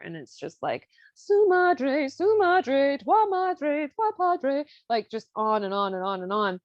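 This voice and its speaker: A woman's voice: medium pitch, no echo, muffled recording. A woman podcast host casually retelling a story, chatty and swearing freely as she acts out the quotes. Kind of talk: casual retelling of an opera plot.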